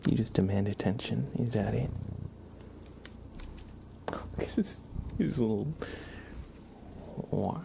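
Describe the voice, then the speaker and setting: A man hosting a live ASMR stream, talking in a soft half-whisper and cooing fondly to his pet. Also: fairly low pitch, slow, creaky, long pauses, noisy background. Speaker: ASMR livestream host.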